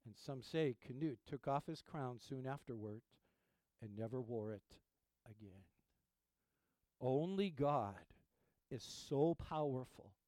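A male pastor preaching a sermon in an earnest, emphatic way, trailing off quietly at the ends of phrases. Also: mid-range voice, no room sound.

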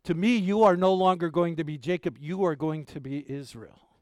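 Animated storytelling male pastor. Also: on the high side, moderate pace, dry recording, studio quality. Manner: animated storyteller, asks the congregation "okay?" and "right?". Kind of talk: sermon with personal storytelling.

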